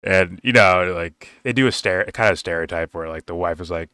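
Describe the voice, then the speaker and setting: A man's voice: low voice, steady tone, normal speed, few pauses, sharp tone, dry recording, studio quality. A man giving a casual, rambling film review, swearing freely and laughing often.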